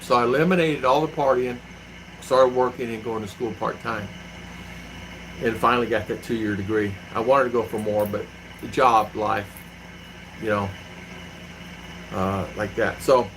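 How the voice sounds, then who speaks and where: A man's voice: lowish voice, unhurried, pauses often, a bit bright, a little hiss or hum, rough recording. A middle-aged man hosting a live stream from home, telling rambling stories and answering viewers by name. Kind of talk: casual live-stream chat. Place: home in the Philippines.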